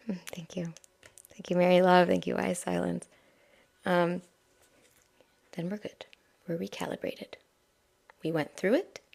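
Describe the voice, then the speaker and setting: A woman giving a live-streamed spiritual oracle reading, talking softly and chattily with many fillers and asides. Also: lowish voice, little pitch movement, unhurried, creaky, pauses often.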